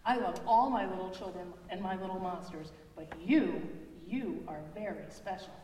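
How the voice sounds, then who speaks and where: A woman voicing a gentle, loving mother monster at bedtime, reading slowly and softly in an echoey church hall heard from a distance. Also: lowish voice, slight background noise, natural voice. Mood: tender.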